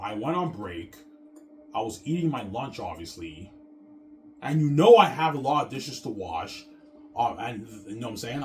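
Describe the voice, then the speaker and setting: A man's voice: medium pitch, a little mellow. A man in a casual rant to his viewers, rambling and stammering, repeating the same filler words and swearing often. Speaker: vlogger.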